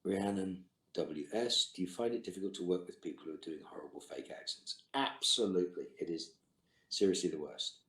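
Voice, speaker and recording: Middle-aged guy with a super deep voice on a video call fan q&a, dry terse jokes, echoey room. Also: brisk, fairly bright tone. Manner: dry, wry, terse quips. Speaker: actor answering fan questions. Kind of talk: virtual fan Q&A, reading questions aloud and answering. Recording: roomy echo.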